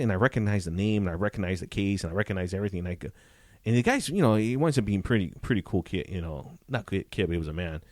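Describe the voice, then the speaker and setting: A man, a former police detective, telling profane, animated stories from his career in a casual interview. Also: low voice, rapid-fire, dry recording. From Southern California. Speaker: retired police detective, guest.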